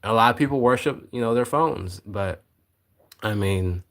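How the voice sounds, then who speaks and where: A man's voice: fairly low pitch, normal speed, a bit bright. A man co-hosting a livestream, talking casually and hesitantly as he thinks aloud. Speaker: livestream co-host.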